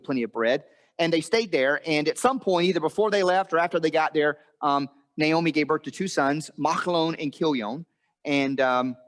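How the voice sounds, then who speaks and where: A man preaching a sermon, telling a story and acting out the quoted voices with big swings in pitch. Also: in a large hall. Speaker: pastor. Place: church auditorium.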